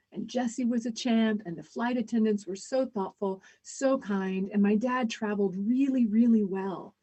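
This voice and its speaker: A woman storyteller performing live, with a measured pace and dramatic pauses. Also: medium pitch, mellow, husky.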